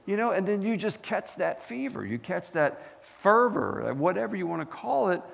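A man preaching a sermon as pastor, animated and asking the congregation questions. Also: high voice, normal speed, vocal fry, big-room sound. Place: church.

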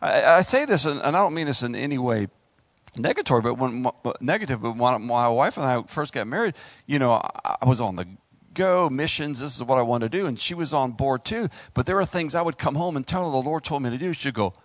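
A middle-aged male pastor preaching a sermon, animated, acting out voices and talking straight to the congregation. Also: mid-range voice, a little fast, dry recording.

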